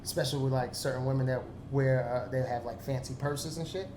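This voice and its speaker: A man chatting casually on a podcast, telling animated stories and acting out what he used to say. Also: medium pitch, a little fast. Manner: animated storytelling, acts out his own lines. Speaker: podcast guest comedian. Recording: roomy studio with faint noise.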